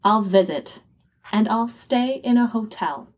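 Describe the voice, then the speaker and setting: A woman voicing a prim, stern young woman who speaks flatly and dryly. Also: medium pitch, measured pace, voice pushed up. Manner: flat, dry.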